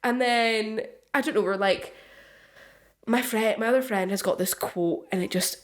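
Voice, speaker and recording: A woman's voice: on the high side, a little slow. Chatty young woman telling stories. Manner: chatty storyteller, acts out quotes, laughs often. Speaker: podcast co-host. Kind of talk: casual chat.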